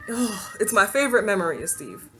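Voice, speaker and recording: A woman vlogger hosting her own channel, telling a personal story to camera in a casual, expressive way, laughing often and acting out what people said. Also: mid-range voice, fairly quick, faint music behind.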